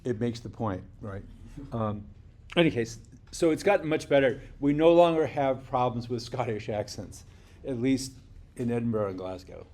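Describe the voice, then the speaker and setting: This man's voice is medium in pitch and a little mellow, moving at a normal speed. He lectures to university students in a lecture hall in a casual, conversational way, frequently starting sentences over and asking "right?" to check in with them.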